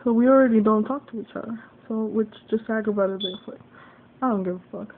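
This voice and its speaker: Another venting vlogger tells her story to her phone camera, cursing freely and playing both parties in an argument. She speaks a little fast at a fairly high pitch, through tinny, phone-like sound with a faint hiss.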